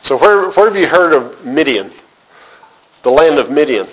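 A man with a somewhat high voice leads a Bible class at an unhurried pace. He reads scripture aloud, then stops to explain with many small pauses, and puts questions to his listeners. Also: expressive, fairly bright tone, husky, poor audio. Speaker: Bible study teacher.

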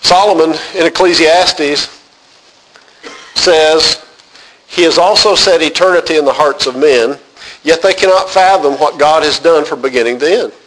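Man, sermon, somewhat high voice, animated, repeats words. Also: unhurried, rough recording. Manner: animated, repeats words, reads scripture with emphasis. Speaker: preacher.

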